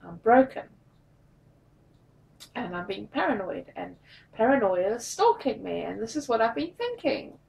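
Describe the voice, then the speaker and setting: A tired, drained woman telling a personal story in a confessional vlog, halting and repeating her words. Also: a little high, big pitch swings, vocal fry, darkish tone, far from the mic, highs cut off. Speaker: vlogger.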